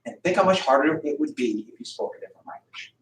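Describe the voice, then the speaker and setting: Guy teaching history in a classroom, lively storytelling, a bit high voice, roomy and off-mic. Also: quick pace. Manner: animated storytelling, acting out quotes, quizzing students. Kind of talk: classroom lecture. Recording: echoey classroom, far from the mic.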